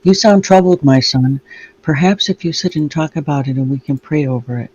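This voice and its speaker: A man's voice: fairly high pitch, a little fast, a little mellow, slightly rough. A man voicing Sister Mary, a kindly nun who speaks in a soothing, pious way. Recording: dull lo-fi mic.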